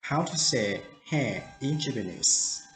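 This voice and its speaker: A man teaching vocabulary in a slow drill, repeating each word carefully in simple, broken phrasing. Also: mid-range voice, lively intonation, a bit bright, soft background music. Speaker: language teacher. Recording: roomy echo.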